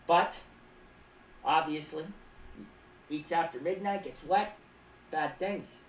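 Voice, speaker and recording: Speaking slowly in a low voice, a woman streams as a clown, rambling casually and reading chat aloud while dropping playful asides and often referring to herself in the third person. She's recorded from a distance, sounding roomy and off-mic, with faint background noise.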